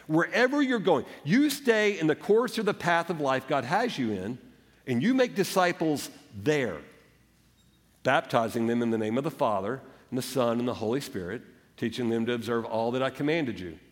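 A man's voice: mid-range voice, animated, normal speed, in a large hall. A man preaching a sermon as pastor, earnest, sometimes acting out the voices of doubters and of Jesus. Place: church sanctuary.

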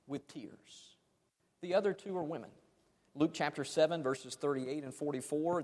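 A man preaching a sermon, dramatic, letting his phrases fade off almost to silence. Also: on the high side. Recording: long hall reverb.

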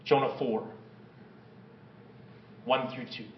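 A man's voice: mid-range voice, flat delivery, slow pace, a little hiss or hum. A male pastor preaching an impassioned sermon to a congregation, calling on them to respond. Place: church sanctuary. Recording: echoey church, slightly dull sound.

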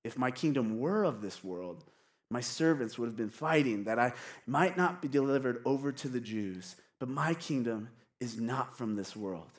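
A preacher giving voice to a calm, gentle king, a grown man who speaks softly and without haste. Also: mid-range voice, moderate pace, hardly any pauses, voice pushed down, natural voice.

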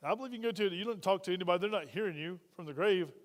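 Racing along in a high voice, a pastor delivers a conversational sermon and keeps posing questions to his congregation. The recording carries the long reverb of a church hall.

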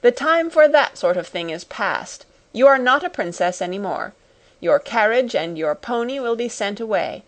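A woman's voice: a little high, lively intonation, normal speed, fairly bright tone. A woman reading the part of a stern, domineering schoolmistress in a storybook, with a cold, commanding, scolding manner.

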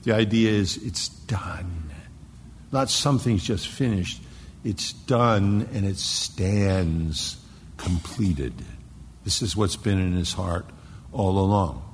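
A man preaching an expository sermon, dropping to a hushed whisper for emphasis and digressing into word study. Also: low-pitched, takes it slowly, slight background noise. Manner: dramatic drops to a hushed whisper. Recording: long echo in a large hall.

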